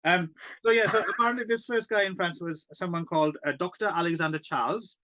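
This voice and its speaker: A man's voice: sits high, quick pace, sharp tone. A man co-hosting a book podcast in casual chat, wry and chatty. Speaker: podcast co-host.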